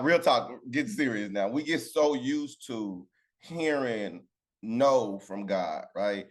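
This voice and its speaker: Man, Bible study teacher on a video call, loose and chatty, pulls in his group with "right?". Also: medium pitch. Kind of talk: casual Bible lesson.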